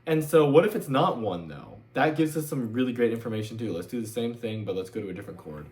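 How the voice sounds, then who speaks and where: A man's voice: mid-range voice, expressive, fast. A man giving a casual guitar lesson in a loose, chatty way, sometimes singing the chord numbers. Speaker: music teacher. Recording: loud guitar playing behind the voice.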